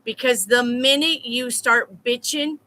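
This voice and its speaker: A woman's voice: fairly high pitch, measured pace, sharp tone. A woman tarot reader talking live to her viewers in a blunt, repetitive, profane way. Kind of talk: live-stream chat with viewers.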